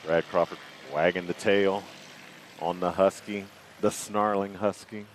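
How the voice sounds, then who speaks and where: A man co-hosting live commentary with relaxed, affirming banter. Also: low voice, measured pace, slight background noise. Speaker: co-host commentator.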